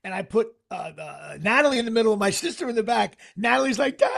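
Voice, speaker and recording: A man's voice: high voice, a little fast, gravelly, few pauses. A middle-aged man hosting a casual podcast, telling rambling stories in a laid-back way and plugging his gigs. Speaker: podcast host.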